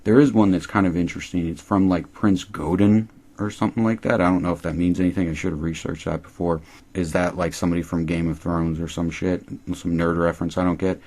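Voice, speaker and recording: Deep-voiced sarcastic man recapping a show. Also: flat delivery, fast talker, darkish tone. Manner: sarcastic, rambling, swears a lot. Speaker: TV episode recap host. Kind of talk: casual profane episode recap.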